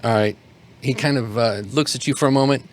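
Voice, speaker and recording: A man's voice: medium pitch, a little fast. A man narrating as game master for a tabletop game, talking in a rambling way with many fillers and restarts.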